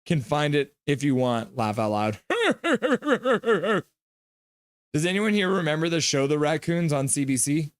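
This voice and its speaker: A man's voice: a little high, very animated, a little slow, no room sound, studio quality. A man hosting a live stream, reading viewer comments aloud and giving jokey, chatty play-by-play of a hockey game.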